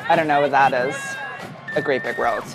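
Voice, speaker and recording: A woman's voice: extremely low pitch, steady tone, moderate pace, over music, crowd noise. Sassy woman reacting to fashion. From United Kingdom. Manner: chatty, sassy, gushing fashion commentary. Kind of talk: casual reaction commentary.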